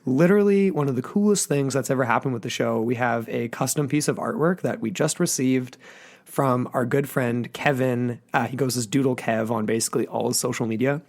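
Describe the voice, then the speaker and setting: A man's voice: mid-range voice, fairly quick, creaky. A man co-hosting a podcast in casual chat, enthusiastic and rambling, with plenty of fillers. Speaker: podcast co-host.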